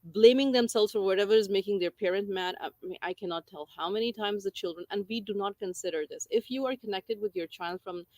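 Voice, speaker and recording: A woman's voice: medium pitch, brisk, few pauses, a little mellow, no room sound. A woman giving an informal talk on parenting, explaining a book's ideas and repeating key phrases for emphasis. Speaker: parenting educator.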